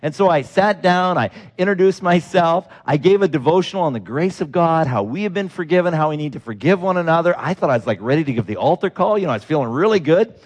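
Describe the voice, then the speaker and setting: A man preaching a sermon as a pastor, telling a story with animated delivery, acting out the people he quotes and breaking into laughs. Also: on the high side, fast talker, few pauses.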